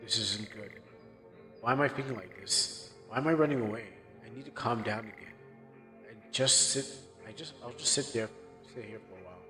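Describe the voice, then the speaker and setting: A man's voice: on the low side, normal speed, sharp tone. A man streaming a game playthrough, reading its text aloud in a subdued, hesitant way. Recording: long reverb with faint game music.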